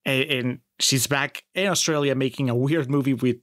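A man's voice: mid-range voice, fairly even intonation, moderate pace, fairly bright tone, no echo, studio quality. A man co-hosting a casual film podcast, chatty and enthusiastic, asking his partner questions. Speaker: podcast co-host.

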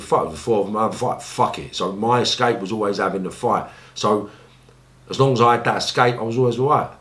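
With a fairly bright tone and a roomy sound around him, a man from England with a London accent tells his story as an ex-gangster in an interview. He's blunt and swears heavily, putting on high pleading voices to play out scenes.

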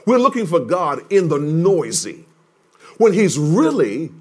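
A male pastor preaching a sermon, emphatic and repetitive, dropping from loud declarations to hushed words. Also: on the high side, sing-song, a little slow, breathy edge. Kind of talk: livestreamed sermon teaching.

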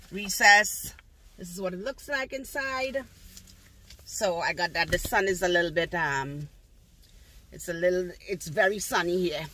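A woman's voice: lowish voice, fairly bright tone, a little hiss or hum. Gushing older woman showing her haul. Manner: gushing, repeats praise words. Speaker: haul vlogger. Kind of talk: casual haul video, showing items. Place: outdoors in a car on a sunny day.

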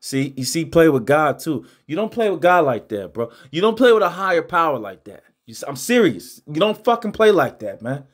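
A young man with a high voice hosts his boxing channel in loose reaction commentary. He swears freely, stumbles and repeats himself, and swings between exasperation and laughter. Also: big pitch swings, brisk, few pauses. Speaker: host of a boxing news channel.

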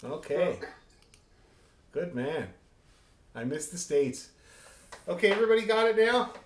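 Guy running a rehearsal on a video call, chatty rambling stories, kinda high voice, echoey room. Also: sing-song, measured pace, slight background noise. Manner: rambling storyteller, friendly and joking. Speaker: orchestra leader. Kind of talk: casual chat running an online rehearsal.

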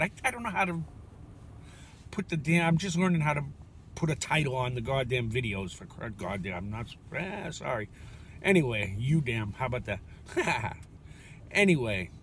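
Casual male vlogger, fairly high pitch, wandering and self-mocking, faint vehicle hum. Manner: chatty, swears casually, self-deprecating. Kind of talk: rambling casual monologue.

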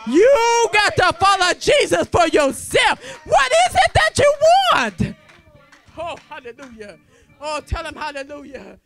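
A woman evangelist preaching a fervent sermon, often shouting and exclaiming hallelujah. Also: very high voice, big pitch swings, measured pace.

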